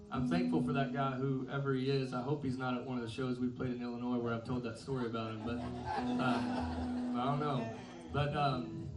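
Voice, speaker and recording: A man's voice: mid-range voice, recorded from a distance. A man in his thirties, a band's singer, telling a self-deprecating story between songs at a concert, laughing often. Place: concert venue with an audience. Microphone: stage microphone through a PA. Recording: roomy concert sound from afar, music behind. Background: live band music.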